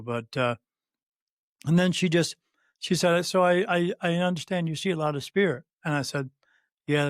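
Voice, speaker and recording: A man in his fifties, a podcast guest, telling a long personal story in casual conversation, halting with many fillers and restarts and quoting what others said. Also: on the high side, dry recording, studio quality. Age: 50s. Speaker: podcast guest, spirit medium.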